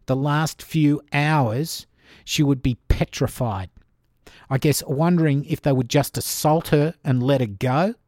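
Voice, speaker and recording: A man hosting a podcast, chatting casually and rambling with dry, dark humor. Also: mid-range voice, no echo. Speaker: podcast host.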